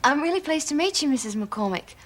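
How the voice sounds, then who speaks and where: A woman's voice: high voice, animated, fast. An actress playing a young woman meeting her new mother-in-law. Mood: eager. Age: young adult.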